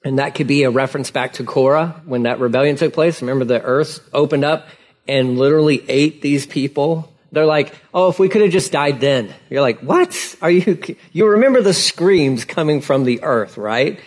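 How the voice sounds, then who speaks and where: A male pastor preaching a sermon in a casual, conversational way, acting out dialogue with lively emphasis. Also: mid-range voice, moderate pace.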